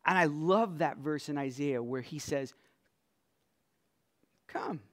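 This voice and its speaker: A man preaching a sermon as pastor. His voice drops to a hush and then swells into loud, emphatic lines. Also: a little high. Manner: swings from soft, hushed lines to loud emphatic declarations; slow and deliberate, stretching out scripture lines.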